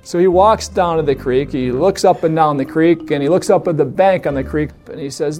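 A man telling a funny story from his youth in a casual, animated way, laughing often and acting out the voices of others. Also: fairly high pitch, a little fast, few pauses, soft background music. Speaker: storyteller guest. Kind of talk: casual anecdote.

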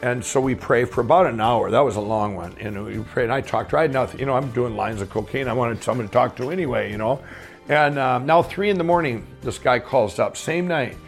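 Middle-aged male storyteller, gravelly and rough, rambling casual delivery. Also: medium pitch, brisk, soft background music. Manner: rambling, frequent restarts and fillers. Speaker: guest telling his life story.

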